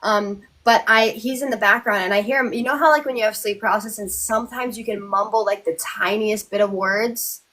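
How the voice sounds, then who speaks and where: A woman's voice: medium pitch, fairly even intonation, a little fast, few pauses, a bit bright. A young woman hosting a casual live chat, telling a spooky personal story with lots of fillers and restarts. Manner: chatty, lots of likes and ums, restarts. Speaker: host.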